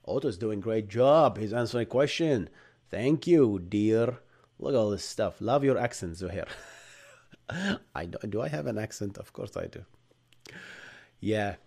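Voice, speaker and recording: Man, 30s, Arab accent, live-stream tech host, lively pitch, punchy then low asides. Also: unhurried, gravelly, long pauses. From Bahrain. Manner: animated, jumps between loud bursts and low asides. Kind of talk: live-streamed tech lecture with chat replies.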